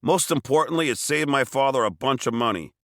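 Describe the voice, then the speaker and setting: A bright, wry Long Island, New York native reads his memoir aloud for an audiobook at a brisk pace, in a medium-pitched voice. His comic storytelling is self-mocking and punctuated by sudden shouted quotes, and the studio-quality recording has no echo.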